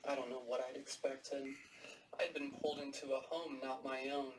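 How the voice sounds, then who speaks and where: Flat, even-toned horror storyteller. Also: medium pitch, moderate pace. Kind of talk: first-person horror story narration. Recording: distant mic with steady background noise.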